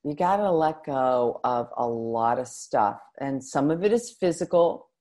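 A woman with a low-pitched voice hosts her own podcast, talking to listeners in a casual monologue. She is expressive and animated, often restarting her sentences as she goes. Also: a little slow. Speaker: podcast host.

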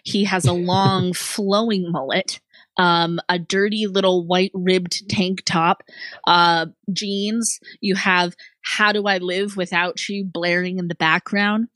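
A woman co-hosting a casual movie-review podcast, talking in an animated, teasing, emphatic way. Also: lowish voice, takes it slowly, dry recording. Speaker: podcast co-host.

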